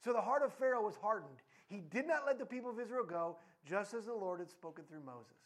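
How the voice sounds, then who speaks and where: A man preaching a sermon, mixing personal stories with scripture. His voice leaps up and cracks when a story gets excited, then drops low and quiet for serious points. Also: fairly quick. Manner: animated, voice jumps up and cracks when telling stories.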